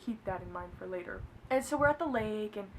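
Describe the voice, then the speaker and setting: A woman's voice: medium pitch, animated, brisk, a little hiss or hum, poor audio. A young woman telling a personal story in a casual, chatty way, swearing and laughing along.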